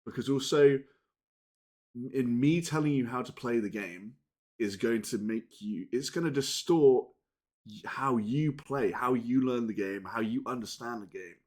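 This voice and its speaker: A man talking off the cuff to his channel's viewers in a mid-pitched voice. He rambles and restarts his sentences, swears casually, and swings between loud bursts and muttered asides. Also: measured pace. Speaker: gaming channel host. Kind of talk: casual unscripted chat to camera.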